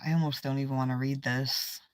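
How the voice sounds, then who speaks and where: A woman's voice: very deep voice, little pitch movement, a little fast, no room sound. A woman chatting casually on a tarot livestream, swearing freely, trailing off and now and then dropping to a whisper. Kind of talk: casual live-stream chat.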